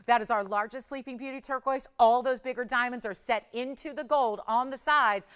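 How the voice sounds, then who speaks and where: A woman's voice: on the high side, fairly quick, a bit bright, clear, resonant tone. A middle-aged woman hosting a live jewelry sales show, chatty and upbeat with bursts of laughter. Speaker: shopping channel host.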